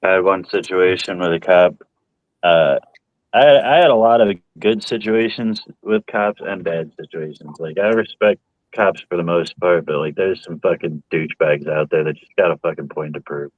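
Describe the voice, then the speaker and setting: A young man telling stories in casual chat, profane and animated, acting out what people said. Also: low-pitched, moderate pace, dry recording, narrow, tinny audio.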